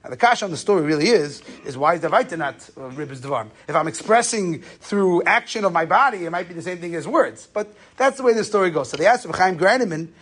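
A man's voice: high-pitched, expressive, fast talker, few pauses, a bit bright, slightly rough. A man giving a conversational Torah lesson on Jewish law, telling stories and using Yiddish and Hebrew terms. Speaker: rabbi lecturer.

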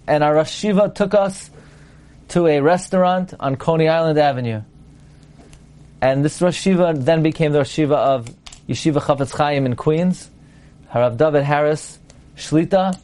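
High-voiced man giving a Torah lecture. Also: a little mellow. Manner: emphatic, asks listeners rhetorical questions; quotes Hebrew and Aramaic texts, then translates them. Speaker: Torah teacher.

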